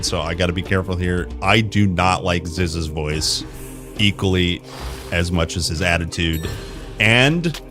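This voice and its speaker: A young man streams a game and talks to his chat in a loose, rambling way. His voice sits a little low, and he often restarts sentences and laughs between points. Game music plays quietly underneath. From America. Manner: rambling, self-correcting, answers chat with laughs. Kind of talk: casual live-stream chat.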